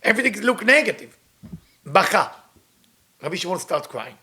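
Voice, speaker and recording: Fast-talking man teaching. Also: high voice, big pitch swings, background noise. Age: middle-aged. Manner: reads Hebrew text quickly, then retells it in English. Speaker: Kabbalah teacher. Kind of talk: storytelling lesson with translation.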